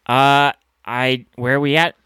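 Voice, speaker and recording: Young guy on a comedy podcast, bright smooth voice, easygoing, dry mic. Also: mid-range voice, level tone, a little slow, dry recording. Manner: easygoing, laughs often. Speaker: podcast co-host. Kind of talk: casual comedy podcast chat.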